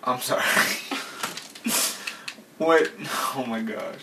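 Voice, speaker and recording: A man's voice: medium pitch, very slow. A man co-hosting a podcast in casual joking chat, teasing and often breaking into giggles. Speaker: podcast co-host. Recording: distant mic with clear noise.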